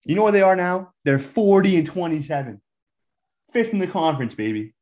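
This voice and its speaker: Young male co-host, fairly high voice, hyped and trash-talking. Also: very animated, a little fast, a little mellow. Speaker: podcast co-host. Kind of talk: casual sports chat.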